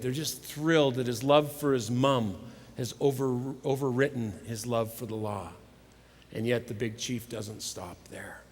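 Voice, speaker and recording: A middle-aged man giving a motivational sermon at a conference, telling stories dramatically and swinging between loud and hushed delivery. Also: medium pitch. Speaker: conference speaker. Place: large hall with live audience. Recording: live hall recording with long reverb.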